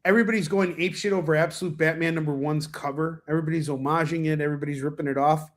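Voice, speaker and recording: A man with a somewhat high voice talks through comics on a casual stream. He rambles with lots of fillers and restarts, and he gets enthusiastic. A cough breaks in now and then. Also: fairly even intonation, racing. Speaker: comic book reviewer, stream host. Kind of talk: casual livestream review chat.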